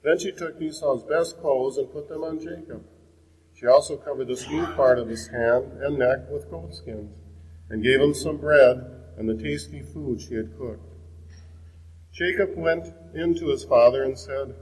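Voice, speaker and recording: A man reading a scripture passage aloud in a measured, solemn way. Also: medium pitch, a little mellow, in a large hall, rough recording. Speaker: scripture reader.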